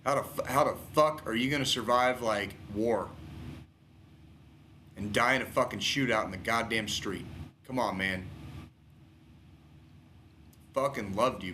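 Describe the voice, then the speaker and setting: A man's voice: on the low side, sharp tone, slight background noise. A man co-hosting a podcast, delivering a raw, emotional monologue full of swearing. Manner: heavily profane, raw and emotional. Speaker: podcast co-host.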